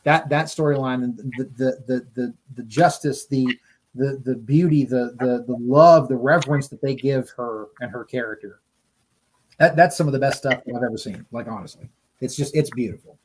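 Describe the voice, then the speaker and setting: A man's voice: medium pitch, moderate pace, a little hiss or hum, rough recording. A man chatting casually as a podcast co-host, gushing and emotional, often stammering and restarting his sentences. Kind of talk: casual enthusiastic chat.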